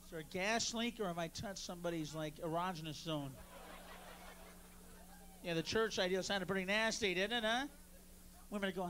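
A man doing a stand-up routine on a club stage, brash and profane, working the crowd and bursting into shouts. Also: sits high, a little fast, slight background noise. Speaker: stand-up comedian.

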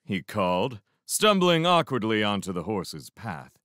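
Low, animated male audiobook narrator. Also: dry recording, clean studio sound. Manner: expressive reading with reflective pauses. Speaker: fan audiobook reader. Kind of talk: first-person audiobook narration.

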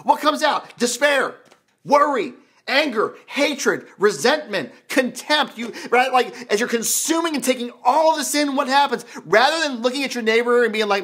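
A pastor preaching a sermon in an animated, conversational way, full of rhetorical questions. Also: male voice, extremely high pitch, moderate pace, breathy edge. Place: church.

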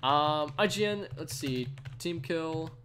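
A man's voice: fairly high pitch, slow, a bit bright, a little hiss or hum. A young man giving chatty live commentary on a game he is playing, greeting viewers and using lots of fillers. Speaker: streamer. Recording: faint keyboard typing behind.

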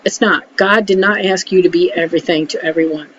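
A woman's voice: fairly low pitch, fairly even intonation, a little fast. Chatty woman giving frank life advice. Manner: chatty, keeps checking in with "okay?"; frank, mildly salty. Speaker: emotional support vlogger. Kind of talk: casual advice talk to camera. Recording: dull lo-fi audio with faint hiss.

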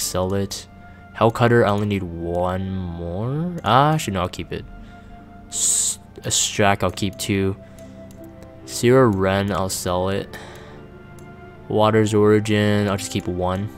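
A man's voice: fairly low pitch, a little slow, soft background music. A man casually chatting on a live stream, reading chat aloud and rambling with plenty of fillers. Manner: reads chat aloud, rambling and laid-back with many fillers.

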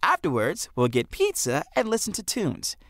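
A man playing a goofy, excitable teen boy. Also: a little high, dry recording, studio quality, voice pushed up, heavily acted. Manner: excitable, showy, quick-witted. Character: chatty, goofy skinny teenage boy. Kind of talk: audiobook character voice.

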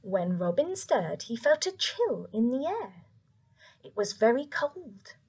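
A young woman reading a picture book aloud to children, soft and expressive, with whispered asides. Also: on the high side, takes it slowly, breathy edge. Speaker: children's story reader.

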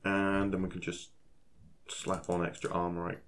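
A man giving casual gameplay commentary, chatting to himself as he plays and breaking into excited exclamations. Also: low voice, normal speed, slight background noise. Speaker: gaming channel host.

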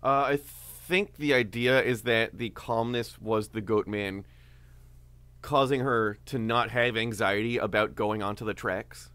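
A man co-hosting a podcast, telling a story in a relaxed, casual way with many fillers. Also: fairly low pitch, a little slow, clear, resonant tone, dry recording. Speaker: podcast co-host.

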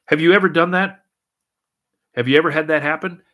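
A man's voice: on the high side, fairly even intonation, brisk, a bit bright. A middle-aged man preaching a sermon earnestly, full of repeats and restarts. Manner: repetitive, earnest, many restarts and "and, and". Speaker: pastor.

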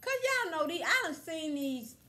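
A woman's voice: very high-pitched, very animated, normal speed, bright, forceful tone. A middle-aged woman chatting casually to viewers about a thrift haul, straightforward and full of stories and exclamations. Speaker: vlogger showing a thrift haul.

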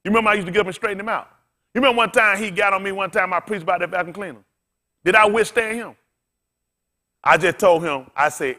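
A man preaching a sermon in a high, bright voice that cuts through the room. He talks bluntly and casually, swears freely and keeps throwing questions at his listeners. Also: quick pace. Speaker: pastor.

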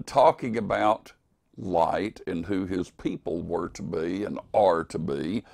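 An older man preaching an evening devotional in a slow, earnest, emphatic way. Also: lowish voice, creaky, darkish tone, no echo, clean studio sound.

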